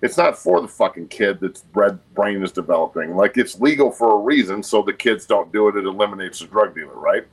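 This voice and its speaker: A man's voice: lowish voice, a little fast, few pauses, breathy edge, low-quality recording. A man in his forties, a guest on a podcast, talking bluntly and emphatically with a lot of swearing. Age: 40s. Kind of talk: casual podcast conversation.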